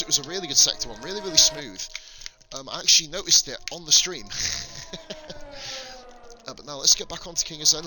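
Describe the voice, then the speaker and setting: A man's voice: fairly high pitch, poor audio. A man with a northern English accent mixed with Welsh, commentating a sim race on a live stream and bantering with viewers, swearing freely. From northern England.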